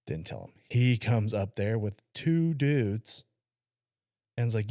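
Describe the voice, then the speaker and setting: A podcast co-host in casual chat, a man with a fairly low voice that swings widely as he acts out quotes. He swears freely and tells stories with energy. The sound is dry and close. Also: animated, takes it slowly, warm tone, no room sound.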